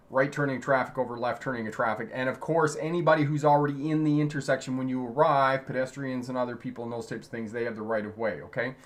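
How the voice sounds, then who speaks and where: A man's voice: medium pitch, fairly bright tone. A middle-aged man hosting a driving-lesson live stream, chatty and laughing often as he reads chat questions and repeats key points.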